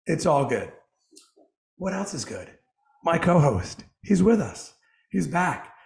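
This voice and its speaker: A man hosting a podcast in casual chat, his voice a bit hoarse, talking in an energetic, joking way. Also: fairly high pitch, echoey room. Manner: energetic, joking, quick asides. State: hoarse from coaching. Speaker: podcast host.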